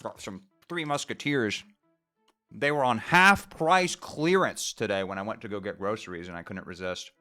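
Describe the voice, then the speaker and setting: A man's voice: lowish voice, moderate pace, sharp tone, faint music behind. A young man streaming, chatting casually and joking between readings.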